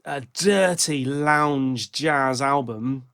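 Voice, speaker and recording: A man with a medium-pitched, slightly bright voice speaks very slowly as he co-hosts a casual music podcast. Reviewing music, he rambles, often restarting and correcting himself.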